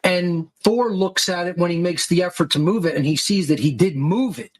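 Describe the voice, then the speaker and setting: A man's voice: high voice, normal speed, rough recording. A male podcast host giving an angry, aggressive monologue full of profanity and insults.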